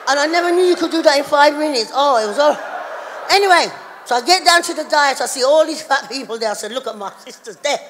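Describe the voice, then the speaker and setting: A middle-aged woman performing a stand-up comedy routine, telling an animated story full of voiced characters. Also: high voice, fast talker, a little hiss or hum. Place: town hall stage. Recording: live in a reverberant hall.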